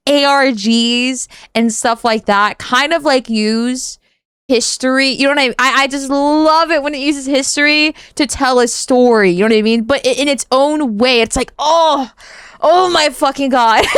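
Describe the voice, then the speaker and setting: A woman streamer giving casual reaction commentary, excitable and swearing, often asking "you know what I mean". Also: sits high, clear, resonant tone, no echo, clean studio sound.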